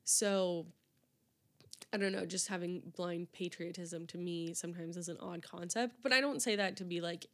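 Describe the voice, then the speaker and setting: A woman's voice: lowish voice, steady tone, moderate pace, fairly bright tone. A young woman hosting a solo podcast, chatting casually and rambling with lots of fillers and restarts. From United States. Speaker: podcast host.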